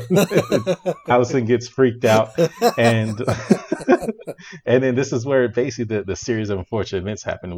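A man's voice: low voice, a little mellow. A man in casual chat, animatedly retelling a comedy film's plot, laughing often and restarting his sentences. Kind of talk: casual movie review chat.

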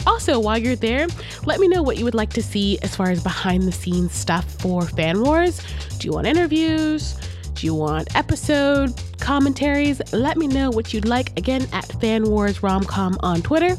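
A woman's voice: fairly high pitch, sing-song, normal speed, a little mellow, soft background music. Chatty woman reading podcast credits. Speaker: podcast creator reading the outro. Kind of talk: casual spoken credits and sign-off.

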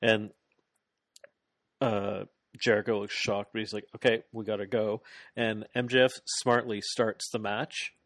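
Low guy rambling thru a wrestling recap, super dry sound. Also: measured pace, no echo. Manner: rambling, animated play-by-play with lots of fillers. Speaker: podcast co-host. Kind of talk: casual chat recapping a wrestling match.

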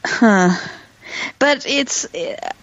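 A woman's voice: on the high side, lively intonation, extremely slow, no room sound. A woman co-hosting a casual podcast, checking her notes and thinking aloud as she talks. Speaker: podcast co-host. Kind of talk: casual chat. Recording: slightly dull, muffled mic.

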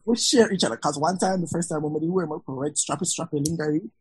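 A woman tells animated stories in a very husky, breathy voice. Her speech is slightly low and sits dry and close to the mic. She chats casually as a podcast co-host. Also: quick pace, no room sound, poor audio. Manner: animated storyteller, patois-tinged. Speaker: law student, co-host.

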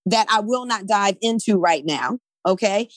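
A woman's voice: medium pitch, animated, normal speed, dry recording. Emphatic woman in a dry-sounding discussion. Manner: emphatic, often ends points with "right?". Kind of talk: conversational discussion.

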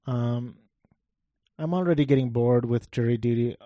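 A man with a dark, mellow and flat monotone voice talks through a game in a loose, wry commentary. He rambles and swears now and then. The sound is dry and close. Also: mid-range voice, normal speed, dry recording, highs cut off. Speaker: gameplay commentator. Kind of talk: casual gameplay commentary.

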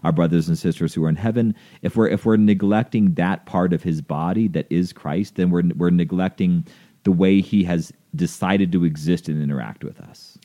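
Mellow low-voiced man explaining faith. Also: moderate pace. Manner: earnest explainer, acts out dialogue. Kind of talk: casual faith conversation.

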